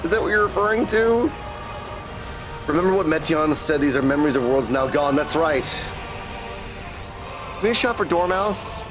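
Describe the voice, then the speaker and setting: A male streamer talks casually with his chat, upbeat and greeting viewers by name. His voice sits notably high, and game music plays loudly behind him. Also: expressive, moderate pace, long pauses.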